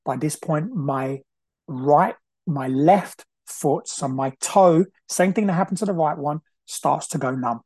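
A man's voice: fairly high pitch, measured pace, darkish tone, husky, no echo. A man, earnestly telling a personal story as a podcast host, often repeating himself and restarting sentences.

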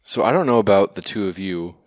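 A man hosting a casual podcast about movies, steering the talk in a deadpan, mock-serious way. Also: fairly low pitch, fairly quick, no room sound. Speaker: podcast host leading the discussion.

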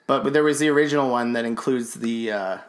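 A man's voice: mid-range voice, fast. A man co-hosting a podcast who chats easily and encourages the storyteller. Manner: easygoing, encouraging listener. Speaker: podcast co-host. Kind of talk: casual chat.

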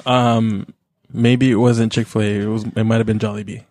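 A man's voice: fairly low pitch, level tone, normal speed, darkish tone, dry recording. Playful male co-host, dry sound. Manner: playful, jokey. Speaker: podcast co-host. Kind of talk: casual group chat.

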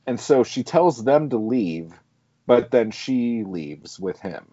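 Husky man rambling through a film recap. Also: medium pitch, expressive, slow, a little mellow, no room sound. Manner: rambling recap, heavy use of "like" and swearing. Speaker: podcast co-host. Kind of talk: casual film podcast chat. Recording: dull dry lo-fi audio.

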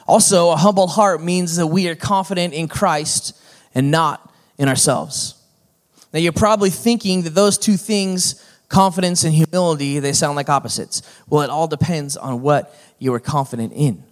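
A middle-aged male pastor preaching a sermon in a folksy, conversational manner that builds to emphatic points. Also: fairly high pitch.

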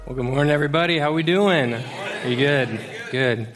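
A youth pastor with a slightly high voice, speaking at normal speed over music, preaches to a church congregation. His conversational sermon is casual and joking, full of fillers and restarts.

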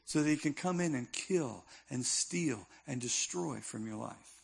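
A man's voice: mid-range voice, lively intonation, unhurried, vocal fry, slightly rough. A male pastor preaching a sermon in a conversational, emphatic style with touches of humor.

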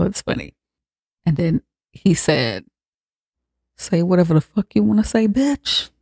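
A podcast host giving a comic, profane recap of a film, acting out the characters' lines with lively swings. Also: medium pitch, gravelly, slightly rough, dry recording, clean studio sound. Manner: profane, animated retelling with acted-out quotes.

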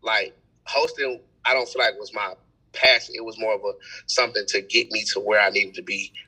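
A young man telling stories in a casual podcast chat, animated and full of slang. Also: on the low side, brisk, slightly rough, poor audio. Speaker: event host and promoter.

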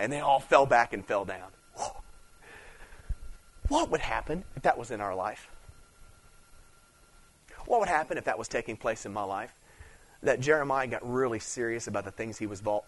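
A man's voice: on the low side, animated, normal speed, pauses often. A traveling male preacher giving a conversational sermon, repeating and restarting phrases for emphasis and often checking in with "you understand.". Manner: conversational preaching, rising and falling in intensity, frequent "you understand".

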